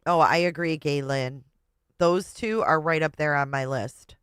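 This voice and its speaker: A woman's voice: sits low, unhurried, clean tone, no room sound, studio quality. A woman hosting a livestream, chatting with viewers and making sarcastic asides as she reacts to a podcast. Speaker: livestream host.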